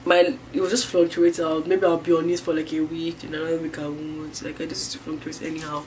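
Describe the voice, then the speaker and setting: A woman's voice: low-pitched, flat delivery, a little fast, a little hiss or hum. Young woman telling a personal story. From Niger. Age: young adult. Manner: rambling, filler-heavy, swinging between loud outbursts and hushed near-whispers. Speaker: vlogger. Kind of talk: casual personal storytelling to camera.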